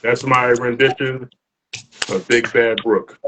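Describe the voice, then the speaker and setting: A man hosting a poetry show, delivering dramatic spoken-word poetry that builds into shouts. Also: medium pitch, fairly even intonation, slow pace, background noise. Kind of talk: performance poetry recital.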